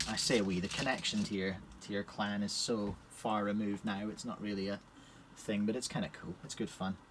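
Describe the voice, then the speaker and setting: Speaking in a steady, fairly bright voice that sits on the low side, a man from Scotland keeps up cheerful chatter at a moderate pace while arranging puzzle cubes in a shed for a live stream. He talks as he works with his hands, and a faint hiss or hum runs through the audio.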